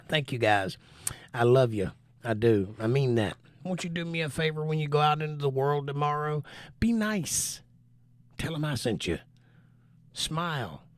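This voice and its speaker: A man's voice: mid-range voice, fairly bright tone, dry recording, studio quality. A male livestream host with a scratchy, tired voice, rambling playfully and affectionately as he signs off the stream. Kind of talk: casual livestream sign-off chat.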